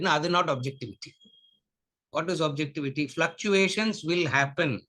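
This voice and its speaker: A man with a Tamil English accent gives a spiritual lecture, his voice pitched high and bright. He repeats key phrases, poses questions to his listeners and asks if they follow, now and then switching into Tamil. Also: fairly quick. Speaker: spiritual teacher.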